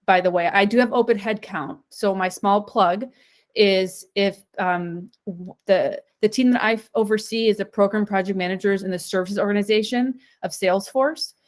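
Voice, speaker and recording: A woman's voice: mid-range voice, normal speed. A woman who manages a team, talking hesitantly and often restarting her sentences in a casual panel chat. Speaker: program manager.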